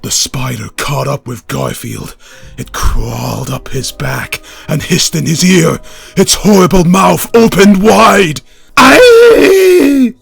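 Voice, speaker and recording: Slow dramatic man reading a scary story. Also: on the high side, vocal fry, soft background music. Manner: dramatic, builds tension, rising to near-shouting at scary moments.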